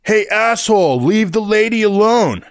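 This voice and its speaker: A man's voice: high voice, sing-song, slow, no echo, studio quality, pitched above the performer's own voice, exaggerated voice. A man voicing a snapping, hot-headed teen boy. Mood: angry. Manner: snapping, jeering. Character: hot-headed blond teenage boy, sneering.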